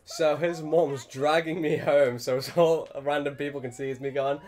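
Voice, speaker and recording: A man's voice: fairly high pitch, normal speed. A young man telling a funny childhood anecdote with lots of laughter. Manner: animated storytelling with frequent laughter. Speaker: let's play host. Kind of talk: casual anecdote.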